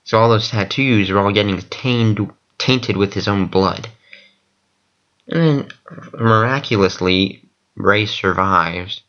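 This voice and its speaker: A man telling a long rambling story in a casual vlog, excitable and full of fillers. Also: lowish voice, slow. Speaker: vlogger. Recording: dull lo-fi recording.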